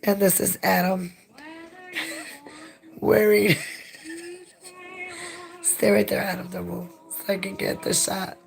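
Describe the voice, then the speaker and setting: Hoarse woman with a very gravelly voice. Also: mid-range voice, flat delivery, slow pace, long pauses, soft background music. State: hoarse, losing her voice. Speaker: channel co-host. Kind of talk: live-stream chat.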